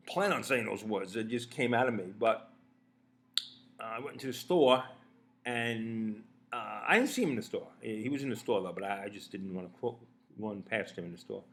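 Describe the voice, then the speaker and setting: A man in his fifties casually telling a personal story, animated and swearing as he acts out both sides of the exchange. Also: fairly low pitch. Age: 50s. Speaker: podcast host.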